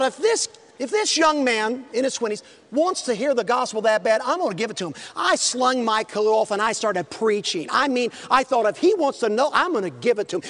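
A male preacher with an unusually high voice tells a story from the pulpit. He swings from hushed asides to loud, shouted passages and breaks into hymn lines. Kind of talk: storytelling sermon.

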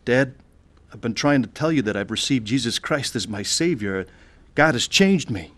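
A man's voice: mid-range voice, expressive, moderate pace, a bit bright, dry recording. A man earnestly narrating and acting out his own conversion story, pleading with his family. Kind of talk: dramatized testimony narration.

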